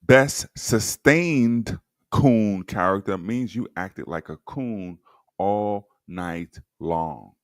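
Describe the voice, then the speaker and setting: A man's voice: on the low side, extremely slow, dry recording, studio quality. A man hosting a livestream, reading old documents aloud and commenting sardonically, talking straight to his viewers. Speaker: livestream host.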